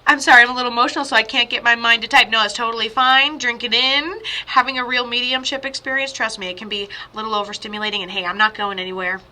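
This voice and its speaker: A woman's voice: fairly high pitch, fairly even intonation, fast, hardly any pauses, pushed and bright. A woman giving a live-streamed medium reading in a chatty, rambling, reassuring way.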